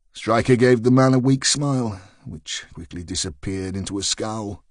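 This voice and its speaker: A male narrator reads a mystery thriller in a steady, measured way, his voice at a middling pitch. The recording is dry and close, with no room sound at all. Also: dry recording. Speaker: audiobook narrator. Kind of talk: scripted narration.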